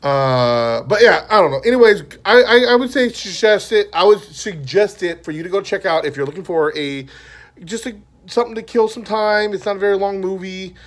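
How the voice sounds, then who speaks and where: Rambling man with a slightly high voice. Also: lively intonation, normal speed. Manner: rambling and conversational. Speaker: podcast host. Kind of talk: casual movie review monologue.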